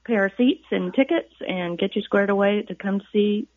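A woman phones in to talk up a theater's shows in a friendly, promotional way. Her mid-pitched voice comes through a dry, muffled line. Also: moderate pace, no echo. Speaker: theater staff caller. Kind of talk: phone-in chat.

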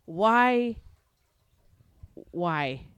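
Teasing woman with a lively voice. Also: lowish voice, very slow, smooth, no echo. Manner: blunt, teasing, laughs often. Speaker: podcast co-host. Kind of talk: crude casual chat. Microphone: home microphone on a stand.

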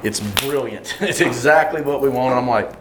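A man, a singer telling lively anecdotes in an interview, acting out the voices of the people he quotes and laughing often. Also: medium pitch, moderate pace, background noise. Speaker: singer and bandleader. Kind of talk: animated storytelling in an interview.

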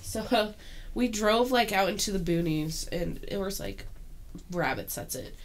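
A woman's voice: medium pitch, lively intonation, measured pace. A young woman in her twenties, a podcast co-host telling stories in casual chat, laughing often as she retells things.

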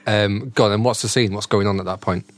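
A man's voice: lowish voice, steady tone, fast talker, a little hiss or hum. A man co-hosting a casual podcast, chatty and laughing often. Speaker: podcast co-host.

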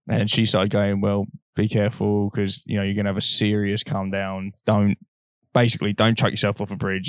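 A man's voice: fairly low pitch, no room sound, studio quality. A young man telling a frank personal story on a podcast, swearing freely and acting out the voices of people he quotes. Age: young adult. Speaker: podcast co-host. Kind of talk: casual storytelling chat.

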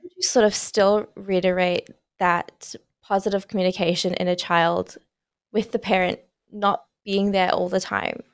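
A woman's voice: medium pitch, flat delivery, unhurried, smooth, no room sound, studio quality. A young woman hosting a parenting podcast, asking long, hesitant questions full of "sort of". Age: young adult. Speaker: podcast host. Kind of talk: conversational podcast interview.

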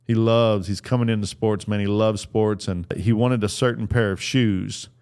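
A middle-aged man speaks in an earnest, sermon-style manner, circling back to the same phrases to press each point home. His voice sits a little low and sounds smooth and resonant. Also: steady tone, normal speed, a little mellow. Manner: earnest, repeats phrases for emphasis. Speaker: speaker on fatherhood.

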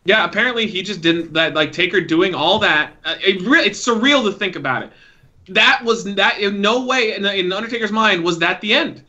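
High, bright-voiced man telling a story. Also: moderate pace, lo-fi sound. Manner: animated, swearing storyteller. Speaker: podcast co-host. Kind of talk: casual chat.

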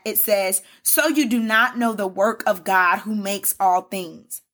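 On her solo devotional podcast, a woman with a mid-range voice preaches fervently in a repetitive cadence, calling her listeners "baby" and "y'all."

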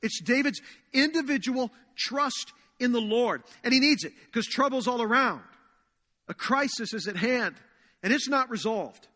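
A man preaching a sermon as pastor to his congregation, earnest and slowing down to stress key phrases. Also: very high voice, expressive, bright, forceful tone. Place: church sanctuary. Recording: long reverb of a large hall.

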